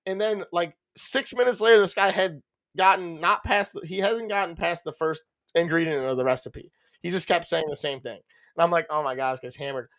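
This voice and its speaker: A man's voice: a little high, brisk, fairly bright tone. A man co-hosting a podcast, telling rambling, profane stories and laughing often as he talks. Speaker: podcast co-host. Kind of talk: casual chat.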